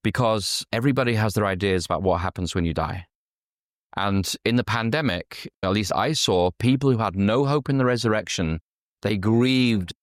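A man's voice: on the low side, normal speed, no echo, clean studio sound. A man from Yorkshire preaching a conversational sermon who keeps asking his listeners questions. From Yorkshire, England. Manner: conversational, asks the audience questions. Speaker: pastor.

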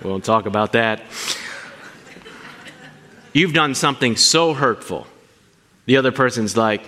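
Animated male preacher in a reverberant hall. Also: medium pitch, unhurried, pauses often. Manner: animated, asks the congregation questions. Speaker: pastor. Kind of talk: sermon.

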